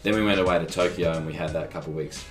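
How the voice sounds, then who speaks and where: A man's voice: low voice, racing, soft background music. A young Australian man, a guest athlete, telling a personal story in a casual interview, acting out conversations and saying "like" a lot. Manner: animated, acts out conversations, frequent "like". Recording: echoey room.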